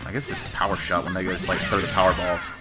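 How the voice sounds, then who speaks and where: A man's voice: deep voice, level tone, rapid-fire, loud music behind the voice. A man rambling through casual gameplay commentary, profane and full of fillers. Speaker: let's play gamer.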